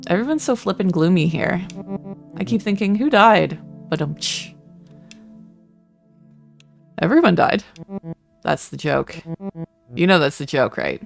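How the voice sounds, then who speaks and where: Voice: medium pitch, animated, unhurried, gravelly, long pauses, faint music behind. A streamer voicing a snide ghost at a singles mixer who talks in a sarcastic, dismissive way.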